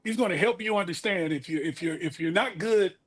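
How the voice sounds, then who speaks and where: Man, husky voice, rambling team stories, casual podcast chat. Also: sits high, brisk, a bit bright. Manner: rambling, lots of fillers and restarts. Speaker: former college football player.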